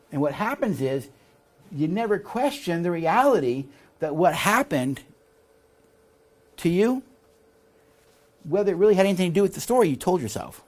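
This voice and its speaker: A man's voice: sits high, moderate pace, long pauses. A man teaching a leadership course, explaining ideas, reading passages from the text and checking in with his listeners. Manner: animated, asks the audience for agreement with "all right?" and "see?". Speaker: leadership instructor. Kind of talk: recorded teaching lecture.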